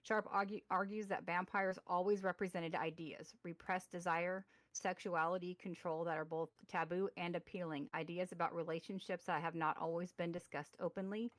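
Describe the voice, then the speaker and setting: A woman's voice: fairly low pitch, steady tone, moderate pace, few pauses, no echo. A woman in her forties co-hosting a casual podcast over a remote mic, reading articles aloud and rambling with many fillers and restarts. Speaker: podcast co-host. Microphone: remote call mic.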